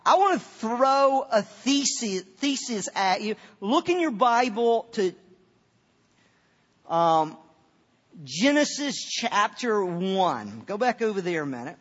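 A man preaching a sermon as a pastor, halting often and repeating words as he goes, in a church sanctuary. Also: sits high, big pitch swings. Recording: dull sound with long hall reverb.

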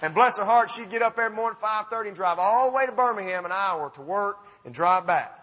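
A man in his fifties with an Alabama accent, telling folksy, animated stories to an audience. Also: high voice, fast talker. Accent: Southern US, Alabama. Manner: folksy, animated, self-mocking. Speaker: speaker. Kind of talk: storytelling talk to an audience. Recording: dull recording with long hall reverb.

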